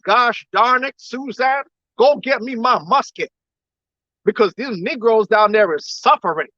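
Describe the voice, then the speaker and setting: A folksy, earnest old-time American man with a generic American accent, as a man puts him on in mock-earnest tones. The voice sits very high for a man. It sounds dry and close, with a dull, muffled sound. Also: unhurried, pushed and bright, no echo, heavily acted. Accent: generic American, put on.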